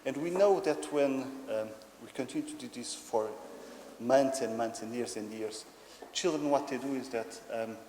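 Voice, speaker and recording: Brief: male conference lecturer, Portuguese accent, halting explanatory delivery, mid-range voice, roomy echo. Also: medium pitch, a little mellow. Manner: explanatory, hesitant with many ums. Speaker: conference speaker. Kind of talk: academic lecture. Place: conference hall. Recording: echoey hall with faint noise.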